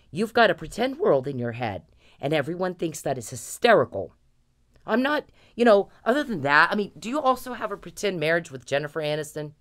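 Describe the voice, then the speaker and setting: Brief: low-pitched woman, furious profane vlog rant, blunt and scolding. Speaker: vlogger. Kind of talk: angry direct-to-camera rant.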